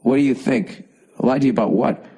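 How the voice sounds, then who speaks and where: A man's voice: mid-range voice, brisk, warm tone, husky, poor audio. A man hosting a podcast, reading a listener email and giving blunt, profane advice in a rambling comedic rant with a Boston accent, while fighting a cough.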